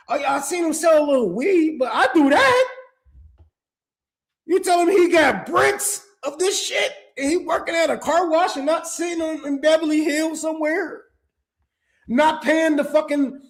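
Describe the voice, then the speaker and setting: A young man goes on a heated, profane rant, stumbling and restarting often, lurching between loud outbursts and low muttering.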